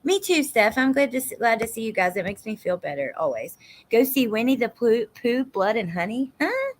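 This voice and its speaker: A woman's voice: fairly high pitch, sing-song, a little fast. A woman with a Southern US accent chatting casually on a livestream, reading viewer comments and swearing emphatically now and then. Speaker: true crime livestream host.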